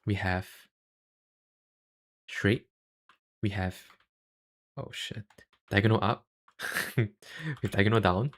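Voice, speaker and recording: Male streamer, lowish voice, unhurried, hesitant casual chatter. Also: steady tone. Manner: halting, filler-heavy, self-deprecating. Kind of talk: casual livestream chat.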